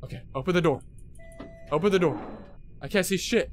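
A young man streaming a horror game, jumpy and swearing, talking to his chat and shouting at those who laugh at him. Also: sits high, brisk, long pauses, dry recording. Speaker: gaming streamer. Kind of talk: live horror game commentary. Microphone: headset.

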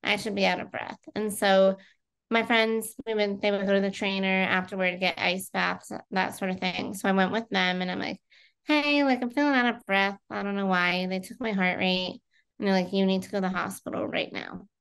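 A woman in her thirties speaks as an interview guest, her voice smooth and resonant at an ordinary middle pitch. She tells her own story in a chatty, flowing way with plenty of fillers. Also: little pitch movement, fairly quick, a bit bright. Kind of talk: casual conversational interview.

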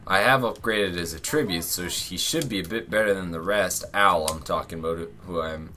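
A young man giving casual commentary over a soccer video game he is playing, loose and chatty, bursting into shouts and laughs at close plays. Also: low voice, fairly quick. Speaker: gaming channel host.

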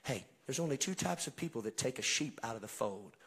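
A man's voice: mid-range voice, lively intonation, fairly quick, a bit bright, breathy edge. A male pastor, preaching in a church in a folksy way and calling out to his congregation. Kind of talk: Pentecostal-style preaching to a congregation. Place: church sanctuary.

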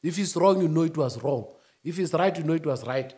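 A man speaking as a union-leader guest, emphatic, rising to shouts and then dropping low. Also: fairly quick. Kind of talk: animated interview talk.

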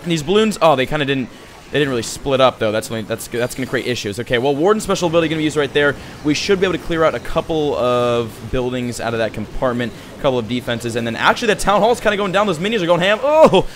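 A young man commentating his mobile strategy game play as a YouTuber, excitable and prone to hype shouts. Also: medium pitch, racing, slight background noise. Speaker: gaming YouTuber.

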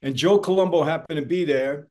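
A man's voice: on the high side, brisk, mellow. An older man co-hosting a podcast, telling stories in a blunt, emphatic way. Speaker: podcast co-host. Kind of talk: casual chat.

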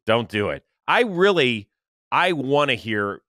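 Animated, profane male sports podcast host. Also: medium pitch, no room sound, studio quality. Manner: animated, profane, quick to rant. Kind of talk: casual sports chat.

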